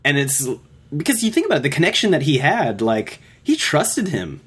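Lively man rambling about a book. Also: on the high side, moderate pace, breathy edge. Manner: rambling, acts out quotes, frequent "right?". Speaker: podcast co-host. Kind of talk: casual book discussion.

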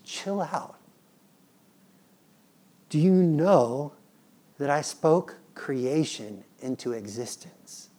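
A man in his thirties, a father, preaching a sermon in an animated, playful way and acting out his children's pleading. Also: mid-range voice, slow. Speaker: pastor.

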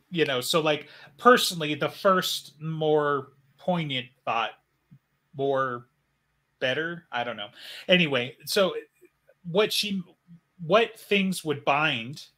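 A man's voice: on the high side, sharp tone. A man co-hosting a podcast in casual chat, rambling with many fillers.

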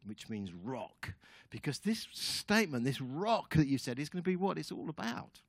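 A man as guest speaker giving a sermon, telling the story in an animated way with chatty asides to the audience. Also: mid-range voice, normal speed, dry recording.

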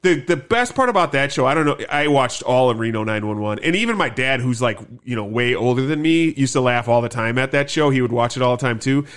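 A man's voice: medium pitch, animated, brisk, few pauses, fairly bright tone, clear, resonant tone. A man co-hosting a casual talk show, rambling loosely with lots of fillers and swearing. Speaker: podcast co-host. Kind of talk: casual chat.

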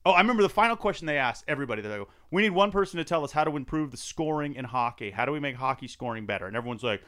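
Fast-talking animated man telling stories. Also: mid-range voice. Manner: animated storyteller acting out quotes. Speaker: podcast guest. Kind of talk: casual storytelling chat.

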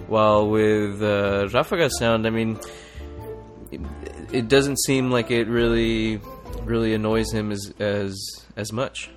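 A man's voice: lowish voice, steady tone, takes it slowly, faint music behind. A man judging stories in a casual chat, hesitating and weighing his words. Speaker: panel judge.

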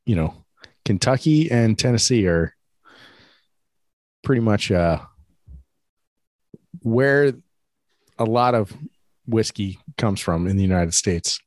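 A man co-hosting a casual podcast chat, playful and quick to joke. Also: lowish voice, no echo. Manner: playful, jokey, lively. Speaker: podcast co-host.

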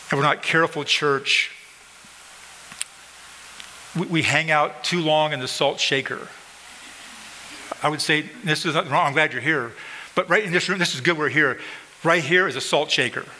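In a church sanctuary, a pastor with a higher-pitched, bright, forceful voice preaches at a moderate pace, pausing often. He's emphatic and repetitive, addressing the congregation directly and pointing people out. The low-quality recording has a long reverb tail and slight hiss or hum.

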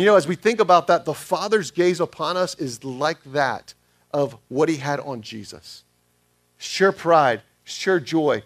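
A male pastor giving a sermon in a conversational way, asking the congregation questions. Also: on the high side.

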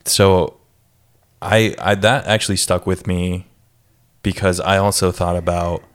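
A man with a very deep, low voice talks casually as a podcast co-host. He reflects on his coaching and slows down on key words to stress them. His tone stays thoughtful and conversational. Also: flat delivery.

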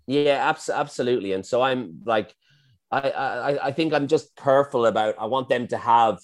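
This middle-aged man, a chef appearing as an interview guest, speaks at normal speed in a medium-pitched voice. He's casual and modest about himself, frequently starting sentences over.

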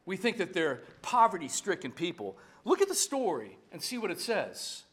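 Male pastor, lively storytelling sermon, fairly high voice with wide swings. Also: normal speed, slightly rough. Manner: animated storytelling preaching.

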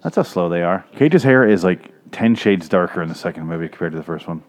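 With a voice that sits low, he talks fast and animatedly, riffing sarcastically and crudely on a film in a casual, profane way while its soundtrack runs in the background.

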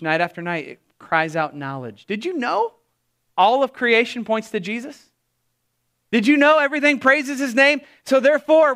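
A man preaching a sermon as pastor, animated and acting out the voices he quotes. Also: high-pitched.

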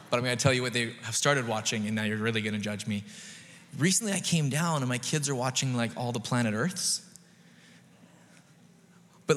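A man's voice: medium pitch, fairly bright tone. A man in his thirties preaching a sermon as pastor, chatty and storytelling, with playful asides to the congregation. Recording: long reverb of a large hall.

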